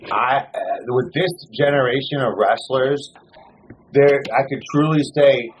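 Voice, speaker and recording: A man hosting a wrestling podcast in casual chat, cursing freely and talking with animated swings. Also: mid-range voice, unhurried, slight background noise, rough recording. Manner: profane, animated, lists names in runs. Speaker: podcast host.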